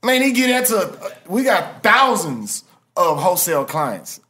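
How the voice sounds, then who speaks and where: A man talks as a podcast guest. His voice sits a little high for a man, and he keeps the chat casual, with plenty of slang and easygoing asides as he tells his stories. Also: big pitch swings, a little slow, bright, forceful tone, breathy edge. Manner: laid-back storytelling with slang.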